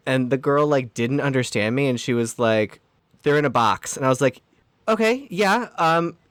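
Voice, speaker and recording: A man's voice: medium pitch, steady tone, brisk, no echo. Rambling man telling a story, dry sound. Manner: rambling storyteller, acts out dialogue. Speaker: podcast co-host. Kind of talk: casual chat.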